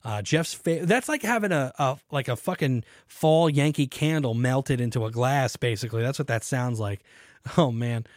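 Exasperated podcast host. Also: male voice, mid-range voice, normal speed, no echo, studio quality. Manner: sarcastic, swearing, rants with rising exasperation. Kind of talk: casual chat, reading articles aloud.

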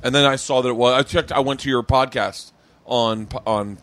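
A man's voice: mid-range voice, steady tone. An American man, a comedian guest on a podcast, talking in loose, profane, rambling casual chat. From United States. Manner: loud, profane, rambling, quick to laugh.

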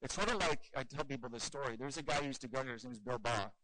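A man gives a training talk at a rapid clip, with a bright, forceful edge to his voice. He is earnest and animated, and he slips into the voices of the people in his stories. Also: medium pitch, slight background noise, poor audio. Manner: earnest and animated, acts out quoted dialogue. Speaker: evangelism trainer.

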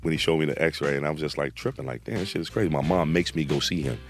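Casting: middle-aged man, very deep voice, casual slangy storyteller, faint music bed. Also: quick pace. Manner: animated, slangy, acts out quotes. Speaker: guest telling a story.

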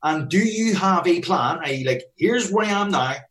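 A man's voice: high voice, lively intonation, normal speed, a bit bright. A man talking as a fitness business coach in a casual chat, blunt and swearing often, acting out bits of dialogue.

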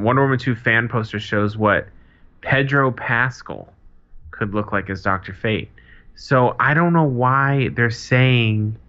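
A man co-hosting a casual podcast, talking excitedly with lots of swearing and laughter. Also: mid-range voice, lo-fi sound. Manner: excitable, profane, laughs a lot. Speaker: podcast co-host. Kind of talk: casual chat.

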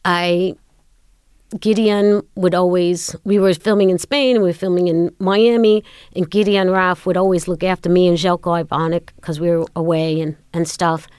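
Low-voiced woman telling stories, dry sound. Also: fairly even intonation, moderate pace, a little mellow, clear, resonant tone, no echo. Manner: storytelling, acting out quoted exchanges. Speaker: guest. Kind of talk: casual interview chat.

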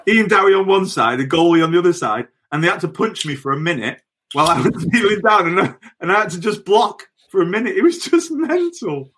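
A man's voice: high voice, animated, brisk, a bit bright. Chatty middle-aged man telling stories. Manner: chatty, laughs through his stories. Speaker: former professional footballer, podcast guest. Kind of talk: casual anecdote telling.

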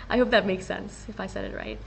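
A woman hosting a solo podcast, talking in a casual and earnest way and often slowing down to stress her point. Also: mid-range voice, steady tone, vocal fry, slight background noise, poor audio. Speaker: podcast host.

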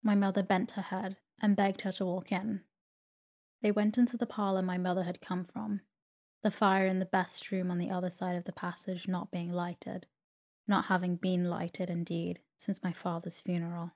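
Woman, sleep story narration, calm, low voice, flat delivery. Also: normal speed.

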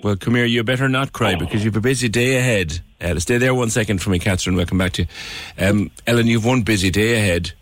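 A man's voice: lowish voice, quick pace, few pauses, a little hiss or hum. A man hosting a radio phone-in, encouraging and folksy with his guests. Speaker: radio host. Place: radio studio.

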